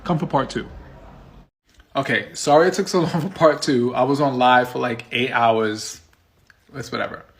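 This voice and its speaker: A man from the United States casually telling a personal story for his video, animated and indignant, with some swearing. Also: medium pitch, moderate pace. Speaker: storytime vlogger.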